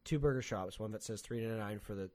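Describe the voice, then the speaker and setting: Young man, casual podcast chat, animated storyteller, swears freely, loud acted-out quotes. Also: fairly low pitch, fast.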